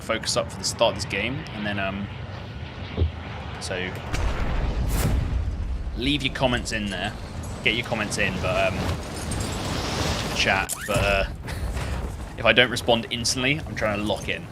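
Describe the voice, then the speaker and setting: A man's voice: lowish voice, noisy background. A man live-streaming a shooter game, chatting loosely to his viewers with lots of restarts. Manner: rambling and chatty, many restarts. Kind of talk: live-stream gaming commentary.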